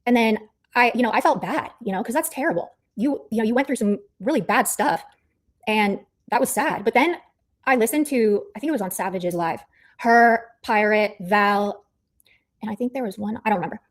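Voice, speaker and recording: A woman's voice: fairly high pitch, normal speed. A woman livestreamer ranting in a heated callout, blunt and profane, repeating herself as she scolds someone. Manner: angry, blunt, profane, repetitive.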